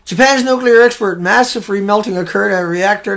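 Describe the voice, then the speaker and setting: A man hosting a live show, giving heated, emphatic commentary on news headlines with sudden loud bursts. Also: sits high, moderate pace, vocal fry.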